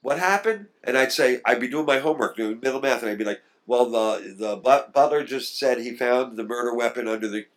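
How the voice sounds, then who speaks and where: A middle-aged man, an interview guest, telling family stories in a fast, animated way. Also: mid-range voice. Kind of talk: casual storytelling interview.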